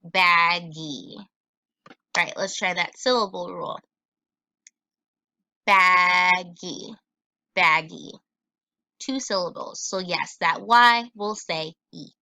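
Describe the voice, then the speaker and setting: Young woman teacher, phonics lesson; unhurried and crisp, recorded dry and close. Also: lowish voice, sharp tone, no echo. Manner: slow, patient sounding-out of words.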